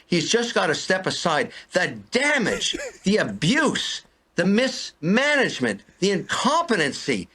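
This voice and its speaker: Older male interview guest, heated and repetitive, bright animated delivery. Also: high voice, a little slow. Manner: exasperated, repeating himself, pleading.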